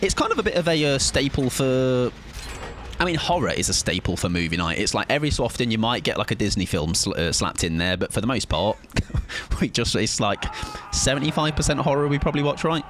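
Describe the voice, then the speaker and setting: A young man streaming a game live, rambling and joking with his viewers, laughing often and breaking into excited outbursts. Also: medium pitch, brisk, slight background noise. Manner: rambling, jokey, chats to viewers while playing. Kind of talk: live gameplay commentary with chat.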